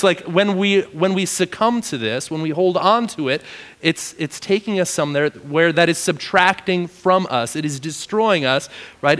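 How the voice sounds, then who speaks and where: A man gives a relaxed, conversational sermon, scattering "like" through his sentences and slipping into animated voices for the people he quotes. His voice sits a little high and rings bright and forceful. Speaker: pastor. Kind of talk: casual sermon.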